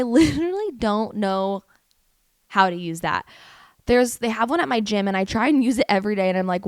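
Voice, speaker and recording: A woman's voice: medium pitch, fairly bright tone, clean tone, dry recording. A young American woman hosting a casual solo podcast, reading facts aloud with giggles and stumbling over words. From United States. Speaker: podcast host.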